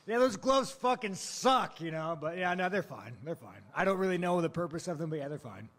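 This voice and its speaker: A man's voice: high-pitched, expressive, fairly quick, a bit bright. A man answering reporters at a post-fight press conference, blunt, profane and provocative, mocking and laughing at his own jokes.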